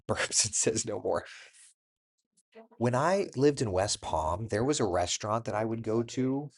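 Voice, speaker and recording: Chatty low-voiced man host. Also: breathy edge. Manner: chatty, laughing, reacting to viewer comments by name. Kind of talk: casual chat reading viewer comments.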